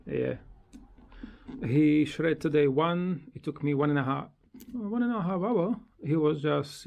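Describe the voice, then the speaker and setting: Casual home vlogger, unhurried with a rough fry, stumbling through non-native English, cooing to the pet. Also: a little mellow. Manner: hesitant with many fillers and restarts, non-native English grammar; coos in a high sing-song voice when talking to the bird. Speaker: parrot owner showing a homemade bird playground. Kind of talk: casual home video chat. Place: at home beside the parrot.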